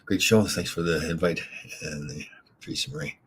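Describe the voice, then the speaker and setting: A man's voice: sits low, normal speed, slight background noise. A middle-aged man hosting a rambling, casual live stream, reading comments aloud and giggling often. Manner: giggly, rambling, laughs often between lines. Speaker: host reading live chat.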